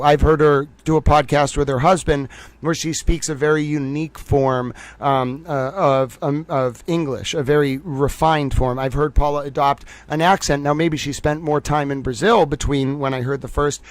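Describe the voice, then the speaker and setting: Boston guy ranting on his stream, kinda high voice, rambles and restarts a lot, dead dry sound. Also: fairly even intonation, dry recording. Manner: rapid, digressive, with frequent fillers and restarts. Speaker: commentary livestream host. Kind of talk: casual analytical commentary.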